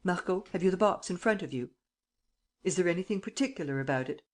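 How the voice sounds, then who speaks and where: A woman reading an audiobook, voicing a suave, teasing male gentleman thief who gives brisk commands. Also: fairly low pitch, expressive, voice pushed up. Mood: gleeful.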